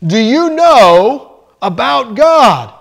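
A man puts on a towering, intimidating pastor from a sermon anecdote. He draws out each question slowly in a big booming voice, sitting fairly high for a man. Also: sing-song, gravelly, fairly bright tone, heavily acted. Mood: stern. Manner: slow, deliberate, booming questioning.

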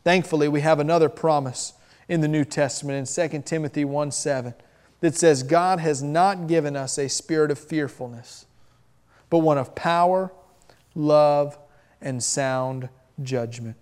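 A man preaching a sermon, emphatic, moving between loud stressed phrases and soft drops. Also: fairly high pitch, fairly even intonation, measured pace, clear, resonant tone. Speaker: pastor.

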